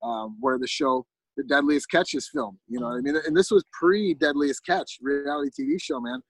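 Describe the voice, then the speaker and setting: A man's voice: on the high side, animated, moderate pace, gravelly, slightly rough, no room sound, rough recording. A man casually telling a long story as a podcast guest, rambling with lots of fillers and restarts.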